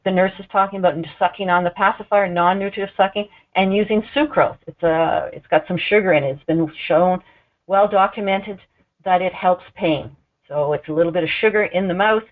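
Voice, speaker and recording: A woman giving an educational talk on newborn care, explaining gently and clearly, sometimes slowing to voice a baby's cues. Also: lowish voice. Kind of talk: recorded educational presentation. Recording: tinny phone-like sound.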